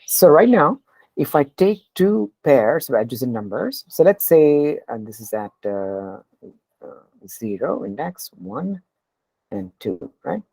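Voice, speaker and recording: Woman teaching coding, super low dark voice, keeps going "right?" with lots of uhs and ums. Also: big pitch swings, husky, no echo, rough recording. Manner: keeps asking "right?" to check understanding, with frequent pauses and fillers. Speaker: programming tutor. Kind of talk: explaining a coding problem in class.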